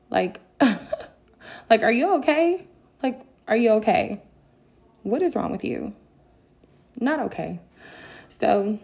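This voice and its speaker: A woman vlogger telling a candid story time to her viewers, casual and animated, with bursts of indignation. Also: fairly low pitch, creaky.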